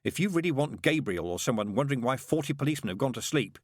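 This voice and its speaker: A man's voice: medium pitch, lively intonation, fast talker, no echo, studio quality, voice pushed up, close to an everyday voice. A man voicing a prim, fussy male angel who speaks sweetly with mild reproach.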